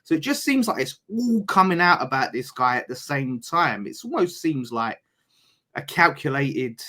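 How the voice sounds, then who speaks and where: A man chatting casually about football, informal, dropping to mutters then rising to loud emphasis. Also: a little high, very animated, normal speed. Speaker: podcast pundit.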